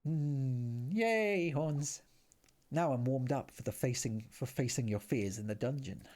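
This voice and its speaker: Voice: mid-range voice, measured pace, a little mellow. A streamer chatting playfully while playing through a dating game. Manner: bubbly, chatty, playful asides. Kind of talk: casual gameplay commentary. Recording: faint background music.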